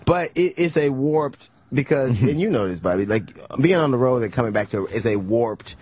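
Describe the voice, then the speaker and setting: Lively, laughing comedian man. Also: medium pitch, a little fast, husky. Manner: animated, laughing, swings into mocking quoted voices. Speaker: comedian guest. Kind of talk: crude comedic banter.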